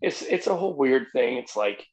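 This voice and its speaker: A man's voice: medium pitch, expressive, normal speed, a little mellow, low-quality recording. A man from New Jersey, a musician guest on a podcast, talking casually and rambling, often repeating himself. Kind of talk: casual conversation.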